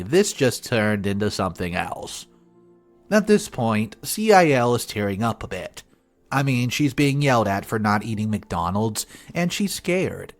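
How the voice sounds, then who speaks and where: A man's voice: lowish voice, very animated, unhurried, soft background music. A man narrating an online family-drama story in a sarcastic, wry tone.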